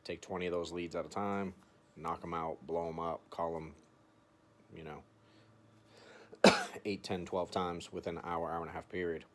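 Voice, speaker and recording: A man's voice: sits low, moderate pace, long pauses. A man coaching salespeople in a casual, chatty way, acting out phone calls and saying "dude" a lot. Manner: relaxed, chatty, role-plays phone calls, says "dude" often. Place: home, recording himself.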